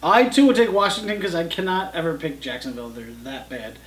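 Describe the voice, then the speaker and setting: A man's voice: fairly high pitch, sing-song, fast talker, fairly bright tone, echoey room, far from the mic, a little hiss or hum. A man co-hosting a casual football betting chat, reading out each matchup and spread like an announcer. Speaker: co-host of a sports picks show.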